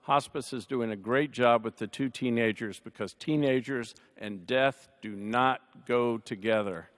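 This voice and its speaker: A man speaking on a panel, telling a personal family story in a conversational way, with dry humor, his voice softening at the sad moments. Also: medium pitch, a little slow. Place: large chapel. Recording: long reverb of a large hall.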